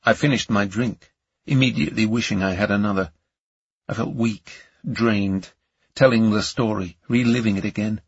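A man's voice: lowish voice, moderate pace, husky, no echo, lo-fi sound. A man reading a thriller audiobook aloud in a tense, gripping narration.

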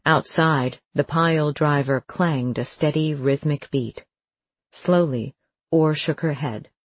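A narrator reading a crime novel as an audiobook, with even, measured storytelling. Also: medium pitch, no echo.

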